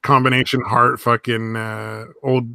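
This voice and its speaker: A man's voice: mid-range voice, flat delivery, a little slow, gravelly, pushed and bright. A man from near San Francisco, chatting casually and profanely as a podcast co-host. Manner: loose, profane, rambling. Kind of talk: casual crude chat.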